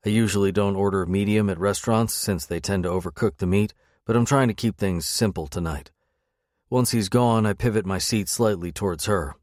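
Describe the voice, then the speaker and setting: Man reading a romance audiobook, low voice, wry and sardonic, super dry close mic. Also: brisk, darkish tone, no echo. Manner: wry, sardonic inner monologue. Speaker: audiobook narrator. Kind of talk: first-person romance audiobook narration.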